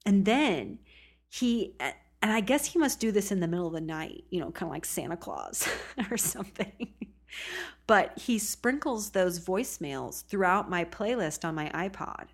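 A woman's voice: mid-range voice, expressive, measured pace. A woman hosting a podcast, speaking casually and laughing often. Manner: warm, laughing, emotional. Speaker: podcast host. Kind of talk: casual narration.

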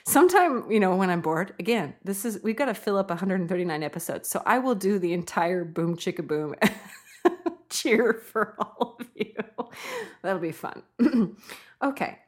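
A woman's voice: mid-range voice, lively intonation, moderate pace. A woman hosting a podcast in a casual, chatty monologue, laughing often as she talks. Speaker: podcast host.

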